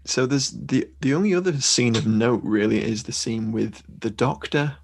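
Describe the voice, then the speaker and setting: Gravelly, husky man recapping a film. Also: medium pitch, expressive, moderate pace. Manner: dry, wry recapping with frequent restarts. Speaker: podcast co-host. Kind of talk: casual film discussion.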